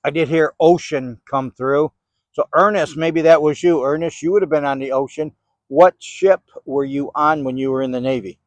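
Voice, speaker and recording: An older man investigating the paranormal, outdoors in a rainy cemetery, calling out slow, patient questions to spirits. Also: fairly high pitch, dry recording.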